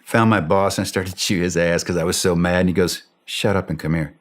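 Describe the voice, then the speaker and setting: A man's voice: sits low, brisk. A man telling a war story as an interview guest, acting out the dialogue and laughing as he goes. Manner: animated, acts out quoted dialogue, laughs while telling. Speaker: interview guest, former special operator. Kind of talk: casual storytelling.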